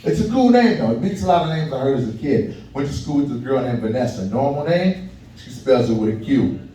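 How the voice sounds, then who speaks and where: A Kentucky stand-up comedian performs a loose, conversational set in a small comedy venue, chatting with the crowd and laughing at his own jokes. His mid-range voice is expressive and fairly quick. The room is echoey and noisy, with the mic heard from far.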